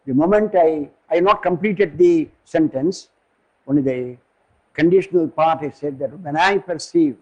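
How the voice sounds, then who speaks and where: An older man from India with an Indian English accent gives a philosophy lecture, digressive and halting, often pausing to search for words. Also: a little high, darkish tone, rough recording.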